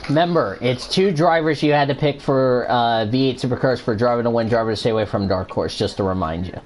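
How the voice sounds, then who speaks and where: A man's voice: medium pitch, brisk, a little hiss or hum. A man hosting a casual show, chatting while he plays a game, rambling and swearing freely at it. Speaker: show host. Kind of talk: casual chat while gaming.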